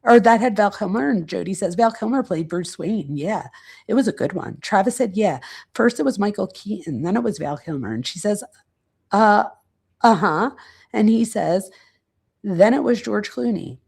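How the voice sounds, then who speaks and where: A woman with a gravelly, creaky voice casually reads quotes aloud and comments on them. She hosts a true crime channel and stops now and then to look through her notes. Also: mid-range voice, lively intonation, moderate pace, darkish tone.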